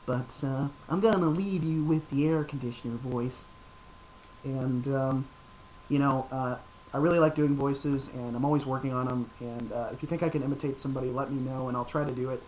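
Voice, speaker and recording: A young man chatting casually to his viewers in a relaxed, rambling way. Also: medium pitch, normal speed, creaky, slight background noise, rough recording. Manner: relaxed, rambling, lots of fillers. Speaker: vlogger. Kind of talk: casual chat.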